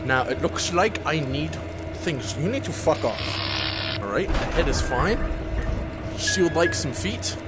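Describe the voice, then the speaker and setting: A young man giving gaming commentary, loud and profane, with sudden yelps and laughs. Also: a little high, animated, a little slow. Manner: loud, swearing, erratic bursts and laughs. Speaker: gaming YouTuber. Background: game music.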